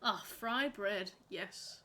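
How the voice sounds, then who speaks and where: Extremely slow and pushed, with a bright, medium-pitched voice, a young female streamer talks casually with her audience while gaming live. She rambles and responds to messages as they arrive.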